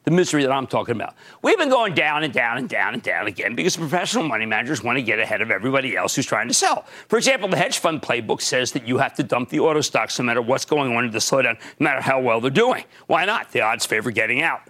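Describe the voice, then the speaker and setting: An older man hosting a market show, delivering theatrical stock commentary, swinging from shouts to low asides. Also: big pitch swings, fast, hardly any pauses.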